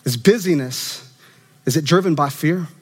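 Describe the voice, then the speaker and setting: A man preaching an animated, conversational sermon as a student minister, acting out quoted voices. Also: a little high, normal speed, breathy edge. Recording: long reverb of a church hall.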